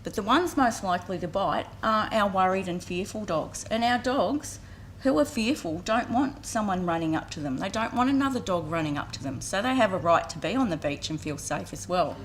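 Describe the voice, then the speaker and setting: At an outdoor campaign launch with an audience, a community vet care speaker, an Australian woman in her forties, shares a story in earnest. Her voice is mid-range and expressive at a moderate pace, and she briefly acts out voices; faint hiss or hum sits underneath.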